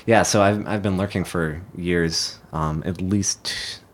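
Low-voiced laid-back man chatting. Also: steady tone, slow. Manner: laid-back, teasing, hesitant with fillers. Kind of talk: casual chat.

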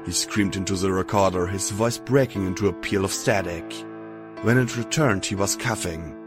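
A man narrating an audiobook in a steady first-person reading. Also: low voice, normal speed, over music.

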